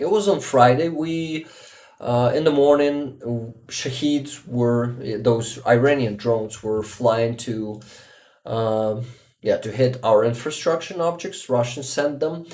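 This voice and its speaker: Man, Ukrainian accent, exhausted, halting restarts, dark low-key voice, unhurried. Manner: halting, searches for words, frequent restarts. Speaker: livestream host. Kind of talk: casual livestream chat.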